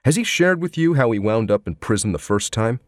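A man's voice: medium pitch, expressive, brisk, dry recording, studio quality, pitched above the performer's own voice, natural voice. A man reading an audiobook, voicing a sardonic male police detective who needles with probing questions. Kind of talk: audiobook character voice.

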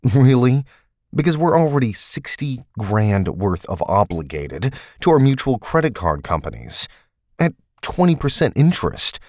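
A man's voice: fairly low pitch, sing-song, moderate pace, darkish tone, no room sound, studio quality, voice pushed up. A male narrator voicing a tense, blunt ex-agent who speaks tersely and coolly. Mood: frustrated. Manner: terse, cool and cutting. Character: tense, blunt man, fed-up ex-field agent partner.

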